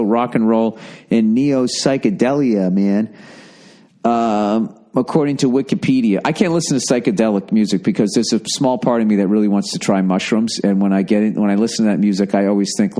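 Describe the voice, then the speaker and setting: A man in his forties hosts a solo podcast, rambling along in a sarcastic, profane way. His voice sits at a medium pitch with a darkish tone.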